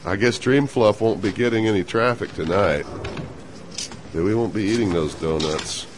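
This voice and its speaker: Low-voiced joking radio host man. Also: moderate pace, slight background noise. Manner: joking, chatty, eats on air. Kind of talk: casual on-air banter.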